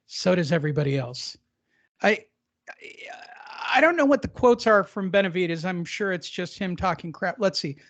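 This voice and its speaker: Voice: medium pitch, very animated, normal speed, a bit bright. A host of a boxing podcast reading news and quotes aloud in a joking, casual way, mocking the wording as he goes. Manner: joking, reads quotes aloud with mock emphasis. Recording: slightly dull audio.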